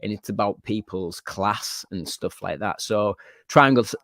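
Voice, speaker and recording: A man from Newcastle with a Geordie accent hosts a relaxed chat about films. He talks animatedly, swears freely and breaks into loud laughs. The sound is dry and close. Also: lowish voice, a little slow, no echo. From Newcastle, England. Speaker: podcast host.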